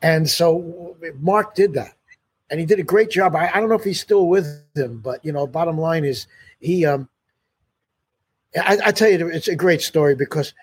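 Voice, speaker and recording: An older musician telling stories in a casual interview, rambling with many "you know"s and restarts and laughing often. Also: male voice, on the high side, moderate pace, husky. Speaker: musician guest.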